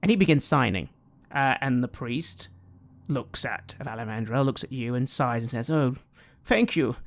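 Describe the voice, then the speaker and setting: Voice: mid-range voice, moderate pace. A game master narrating a tabletop roleplaying game.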